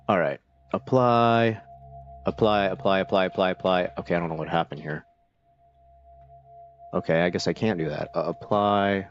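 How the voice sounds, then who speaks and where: A low-voiced man chats loosely while streaming a game, full of fillers and restarts as his thoughts wander. The audio is dull and lo-fi. Faint music plays underneath. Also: fairly even intonation, normal speed, pauses often. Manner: rambling, many fillers and restarts. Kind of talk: casual live-stream chat while playing.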